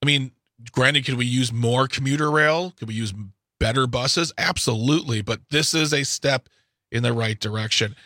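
A man's voice: mid-range voice, normal speed, sharp tone, no room sound, studio quality. A man co-hosting a radio talk show, giving strong opinions in a rambling, emphatic way.

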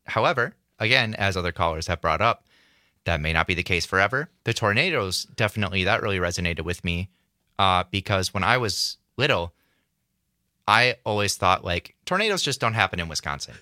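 Male caller, chatty, very low and bright voice, dry. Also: expressive, brisk, no echo. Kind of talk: phone-in call.

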